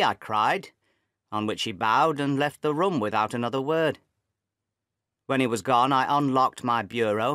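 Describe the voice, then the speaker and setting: Male narrator, mid-pitched, clear measured reading, dry close recording, learner audiobook. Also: fairly bright tone, no room sound. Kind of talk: scripted narration for English learners.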